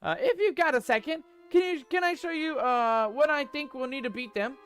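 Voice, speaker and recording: A man's voice: very high voice, moderate pace, a bit bright, faint music behind, pitched above the performer's own voice. A man voicing an eager young farm boy bug scout, reading game dialogue aloud in an earnest, pleading way.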